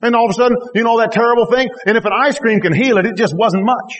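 In a big-room sound, a man with a very high-pitched voice preaches very fast. After reading scripture aloud, he exhorts animatedly, firing off emphatic rhetorical questions and rising to emphatic exclamations.

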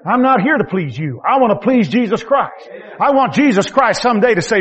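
Fervent man preaching with a lively, high voice. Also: quick pace, highs cut off. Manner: swings from loud, high exhortation to low, quiet asides; folksy, self-deprecating, rhetorical questions. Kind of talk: sermon.

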